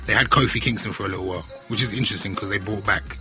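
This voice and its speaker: Bright podcast host rambling. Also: male voice, fairly low pitch, very fast, faint music behind. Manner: laid-back, rambling, goes off on tangents. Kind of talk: casual chat.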